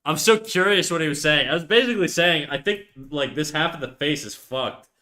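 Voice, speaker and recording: A man's voice: a little high, brisk, sharp tone. A man in his twenties with a French-Canadian accent, chatting casually and rambling while he draws on a livestream, swearing freely. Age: 20s. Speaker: livestreaming artist.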